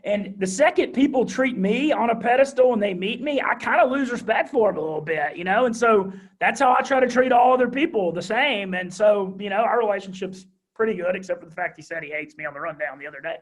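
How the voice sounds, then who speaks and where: Young Southern man, thick drawl, fiery storyteller, high husky voice. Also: quick pace, few pauses. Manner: high-energy, animated, excited. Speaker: guest, radio host. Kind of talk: interview storytelling.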